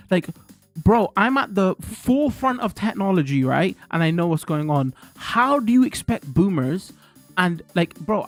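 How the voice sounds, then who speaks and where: A man, chatting casually to his stream viewers, rambling and slangy, full of fillers. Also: high-pitched.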